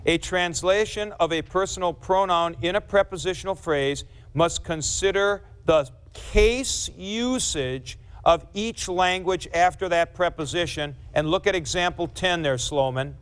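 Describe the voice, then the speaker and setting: A man lecturing a class on grammar, with a fairly high voice. He speaks slowly, repeats his key points and stops to correct himself. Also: fairly bright tone, clear, resonant tone. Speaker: Greek teacher.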